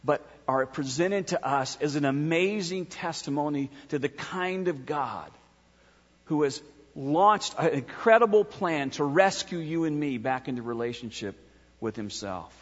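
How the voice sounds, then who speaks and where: A man with a high voice preaches with earnest, measured weight, sinking low and slow on the phrases that matter most. His voice rings in a long hall reverb, and the recording sounds dull and lo-fi. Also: expressive. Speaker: pastor. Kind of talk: sermon.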